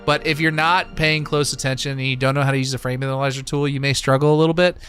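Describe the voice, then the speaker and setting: A man's voice: medium pitch, little pitch movement, fast talker, a bit bright, faint music behind. A man hosting a live stream in casual chat, easygoing and rambling with lots of fillers. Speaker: livestream host.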